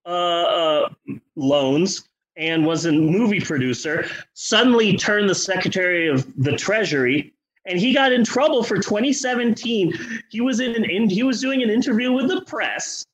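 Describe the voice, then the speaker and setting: A man's voice: high voice, lively intonation, normal speed, poor audio. A man co-hosting a podcast, reviewing a film in casual chat with sarcastic, profane remarks. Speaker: podcast co-host.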